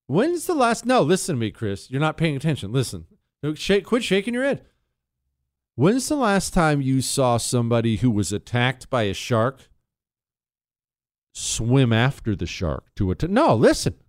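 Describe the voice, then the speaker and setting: A man hosting a talk radio show, talking in an animated, emphatic and jokey way, moving between rants and ad reads. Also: medium pitch, normal speed.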